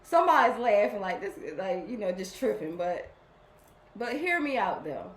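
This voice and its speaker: A woman hosting a spiritual program, talking casually and warmly to her followers, often repeating herself as she rambles. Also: medium pitch, very animated, moderate pace, echoey room, slight background noise.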